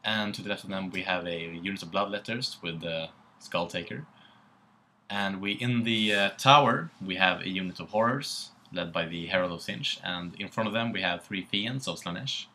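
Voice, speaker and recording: Young Swedish guy with a Swedish accent, low voice, laid-back and sweary tabletop commentary. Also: moderate pace, bright, forceful tone, slight background noise. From Sweden. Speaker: co-host. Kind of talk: casual battle report commentary.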